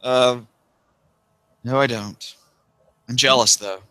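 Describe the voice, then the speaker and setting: A man's voice: mid-range voice, fairly even intonation, takes it slowly, sharp tone, smooth, dry recording. A man from the American South who lost his accent, chatting casually as a livestream guest, wry and rambling, with plenty of swearing. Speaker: interviewee, YouTuber.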